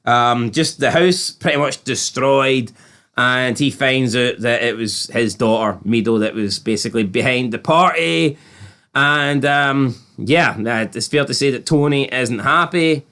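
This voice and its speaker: A man in casual conversation, talking through an episode with a rambling, incredulous energy. His pitch sits in an ordinary middle range for a man. He keeps circling back to his point with loose, chatty asides. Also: measured pace. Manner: chatty, rambling, incredulous, animated retelling with quoted voices. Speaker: podcast co-host reviewing a TV episode. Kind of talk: casual chat.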